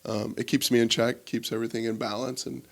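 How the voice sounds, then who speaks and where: Male guest, husband and father, gravelly mid-range voice, plain reflective talk. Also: medium pitch, little pitch movement, fast. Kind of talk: casual podcast chat.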